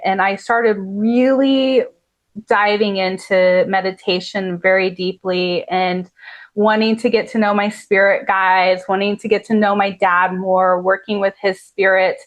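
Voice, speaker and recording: A woman's voice: mid-range voice, steady tone, unhurried. A woman who is a podcast guest, telling a personal story in an earnest, heartfelt way with many "like" fillers.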